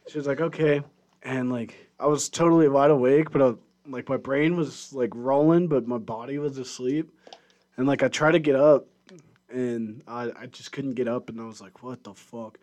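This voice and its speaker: A man's voice: mid-range voice, normal speed, darkish tone. A young man co-hosting a podcast, telling a long story in casual chat, rambling with lots of fillers and frequent laughter. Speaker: podcast co-host.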